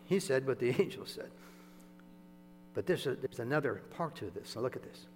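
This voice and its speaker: A man's voice: medium pitch, moderate pace. Male pastor, chatty sermon delivery with chuckles; echoey hall, faint mains hum. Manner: conversational, animated, chuckling asides.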